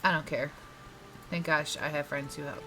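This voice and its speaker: A woman chats away as she plays a game, her voice bright and a little forceful, though pitched slightly low. She rambles and laughs between thoughts. Faint game music plays behind her. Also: steady tone, normal speed, poor audio. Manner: chatty, rambling, laughs often. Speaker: gaming vlogger. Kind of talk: casual chat while playing.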